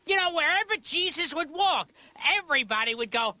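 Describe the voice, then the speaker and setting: A woman rattling off a chatty, animated stand-up monologue in a cartoon therapy session. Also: high voice, brisk, dry recording. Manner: chatty, animated, bouncy quoted voices. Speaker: patient doing stand-up.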